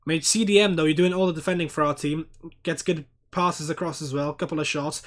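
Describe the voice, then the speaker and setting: A man doing sweary watchalong host, loose chat that flares into shouting at the ref. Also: fairly high pitch, brisk. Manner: excitable, swears a lot, erupts in loud outbursts at fouls; chats to viewers by name, reads chat aloud. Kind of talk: casual live match commentary.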